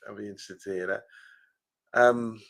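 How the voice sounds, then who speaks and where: A man's voice: fairly low pitch, steady tone, moderate pace. A man co-hosting a casual podcast chat, telling rambling stories full of fillers. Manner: chatty storyteller, rambling with fillers. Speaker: podcast co-host.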